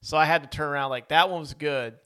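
Smooth-voiced man chatting about movies. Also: on the high side, steady tone, fast, pushed and bright. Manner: talkative, goes off on tangents. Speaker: podcast co-host. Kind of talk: casual movie-review chat.

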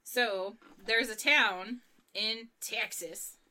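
A woman's voice: a little high, very slow, bright, forceful tone, low-quality recording. A woman co-hosting a casual podcast, telling a story in a chatty, wry way. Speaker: podcast co-host. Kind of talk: casual comedic chat.

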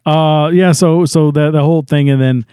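Young male podcast co-host, mellow tone, dry close mic, casual recap with acted-out quotes. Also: on the high side, steady tone, smooth, no echo. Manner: retells scenes with quick put-on quotes and laughs. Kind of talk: casual movie recap chat. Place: indoor studio, wearing a tiny hat.

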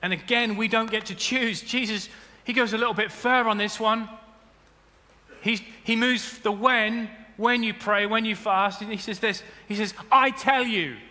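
Bright-voiced preacher in a hall. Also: male voice, sits high, moderate pace. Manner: animated preaching, rising to loud emphatic peaks. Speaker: pastor. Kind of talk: sermon. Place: church auditorium. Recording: long hall reverb with faint music.

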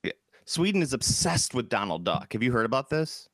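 A man's voice: mid-range voice, very animated, fairly quick, a bit bright, dry recording, clean studio sound. A man co-hosting a casual tabletop gaming podcast, joking around and laughing often. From Polish family background. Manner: jokey, puts on silly accents, laughs often. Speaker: podcast co-host. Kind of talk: casual chat about tabletop games.

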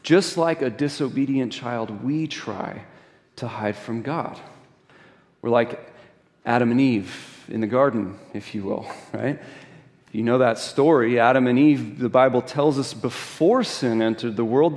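A middle-aged man preaching a sermon in a conversational, animated storytelling way, full of rhetorical questions. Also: medium pitch, unhurried. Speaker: pastor. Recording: long reverb of a large hall.

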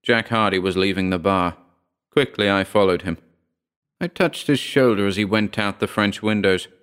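Male audiobook narrator, very low and smooth, measured first-person horror reading. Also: fairly bright tone.

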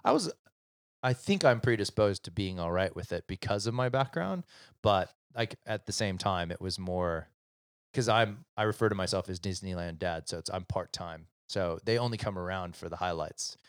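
Deep, gravelly man telling a story. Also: normal speed, no room sound, clean studio sound. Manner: rambling storyteller who acts out dialogue with many fillers. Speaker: divorced father sharing his story. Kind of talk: casual conversational chat.

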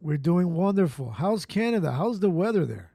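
A man's voice: sits high, sing-song, moderate pace, gravelly, mellow, no room sound, studio quality. A man hosting an online radio show, chatting casually and playfully, repeating nicknames for fun. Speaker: host.

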